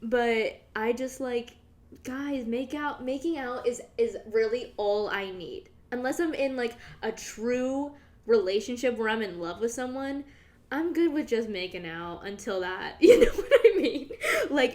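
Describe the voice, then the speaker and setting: A woman's voice: fairly high pitch, a little slow, a little mellow. Chatty, foul-mouthed young woman podcaster. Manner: chatty, rambling, swears freely, laughs often. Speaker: podcast host. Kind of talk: casual solo podcast monologue.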